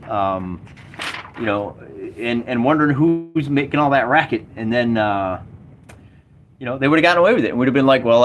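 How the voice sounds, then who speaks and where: A man's voice: mid-range voice, a little hiss or hum. A man casually talking through a solo tabletop game, enthusiastic and rambling as he rolls dice and checks tables. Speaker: solo wargamer running a game.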